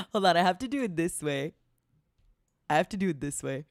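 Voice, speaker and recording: A woman streamer chatting playfully, teasing her viewers as honey and swinging between loud mock-dramatic outbursts and soft murmurs. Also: on the low side, very animated, moderate pace, dry recording, studio quality. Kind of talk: playful solo stream chat.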